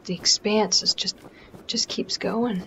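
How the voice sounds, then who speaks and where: A woman's voice: medium pitch, steady tone, slow, pushed and bright, slight background noise. A Canadian woman giving casual, self-mocking commentary over a video game, often dropping to a whisper while sneaking. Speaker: let's play gamer.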